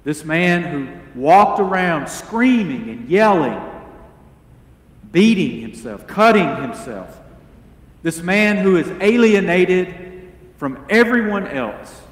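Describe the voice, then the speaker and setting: A man preaching a sermon as pastor, earnest and deliberate, asking the congregation rhetorical questions. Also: sits high, sing-song, reverberant, big-room sound. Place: church sanctuary.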